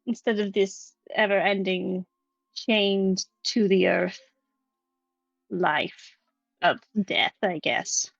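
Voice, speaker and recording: A woman voicing a calm adventurer in a tabletop role-play, thoughtful and measured, pausing to weigh her words. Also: medium pitch, creaky, dry recording, dull audio, soft background music. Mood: earnest. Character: calm, reasoning adventurer offering counsel.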